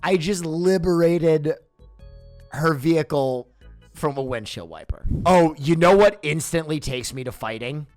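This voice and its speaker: A young man in casual chat, telling profane, animated stories about his dog. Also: on the high side, unhurried, soft background music. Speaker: streamer co-host.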